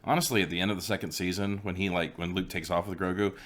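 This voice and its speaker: A man's voice: low voice, steady tone, fast talker, a bit bright. A man co-hosting a casual chat, swearing freely and joking around. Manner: swears a lot, joking asides. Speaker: podcast co-host.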